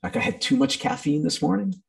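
A man's voice: on the high side, expressive, brisk, vocal fry, far from the mic. A man teaching a training session in a conversational way, with many ums and acted-out quotes. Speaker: workshop presenter.

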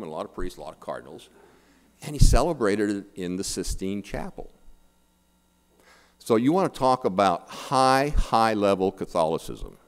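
An older man, a priest, giving a humorous sermon, often repeating words and checking in with "okay?". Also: medium pitch. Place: church. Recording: long church reverb.

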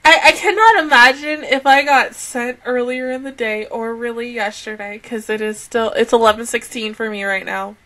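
Woman host for a reaction vlog: high, bright, tearful, emotional, swears a lot. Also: moderate pace, few pauses. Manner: emotional, exclaiming, swearing often. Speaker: anime reaction channel host. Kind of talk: casual reaction commentary.

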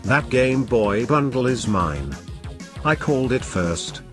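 A man hosts a scripted comedy sketch as a boastful, foul-mouthed game collector, ranting in an animated voice that swings up and down. Soft music sits faintly behind him. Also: mid-range voice, takes it slowly. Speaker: comedic host playing an angry game collector.

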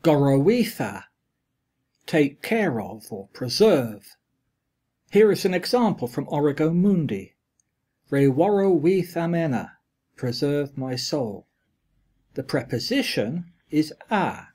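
A man delivering a read lecture at an unhurried, careful pace. His voice sits a little higher than most men's, and each quoted example and gloss gets measured emphasis. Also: expressive, warm tone.

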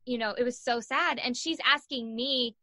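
A young woman telling a story as a podcast guest, animated, acting out the voices of the people in it and saying "like" a lot. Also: on the high side, normal speed, no room sound. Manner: animated, acts out voices in her stories, says "like" a lot. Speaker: guest, sports journalist and podcaster. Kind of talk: casual storytelling in an interview.

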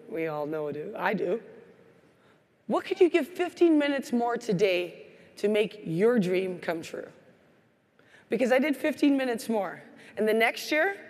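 A Canadian woman gives an energetic motivational keynote in a large, reverberant hall. Her voice is mid-range, and she tells stories with lots of energy, acting out the voices of people she quotes.

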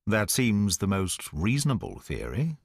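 A man's voice: fairly low pitch, wildly swooping pitch, measured pace, creaky, husky, no echo, clean studio sound, full character voice. A man reading as a sly, nervous naturalist. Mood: wary. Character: nervous, sly male naturalist, feigning concern. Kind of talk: audiobook dialogue reading.

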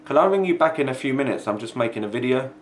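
A young man rants at home with lively, swooping intonation. He sounds sweary, mocking and exasperated. A faint hiss of background noise sits under his voice. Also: medium pitch, fast. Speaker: video ranter. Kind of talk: angry vlog rant.

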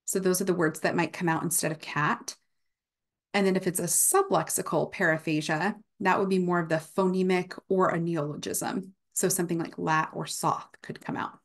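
A woman's voice: on the low side, fairly even intonation, normal speed. A young woman giving a casual university guest lecture, with many fillers, now and then acting out examples of speech errors.

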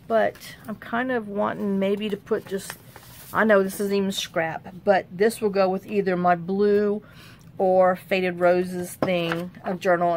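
A woman hosting a casual crafting tutorial. She thinks aloud in a rambling, chatty way and often drops into quiet muttering to herself as she works. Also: medium pitch, a little hiss or hum. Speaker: crafting channel host.

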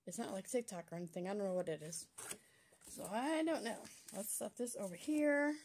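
A woman's voice: fairly high pitch, animated, normal speed, darkish tone, slight background noise. A woman hosting a craft channel, chatting casually and gushing as she unboxes craft supplies. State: out of breath. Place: at a table at home.

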